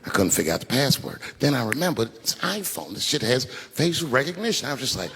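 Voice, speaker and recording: A man doing stand-up storytelling, animated and swinging between hushed asides and loud outbursts, recorded in a reverberant live hall. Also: mid-range voice, quick pace, very noisy. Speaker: stand-up comedian.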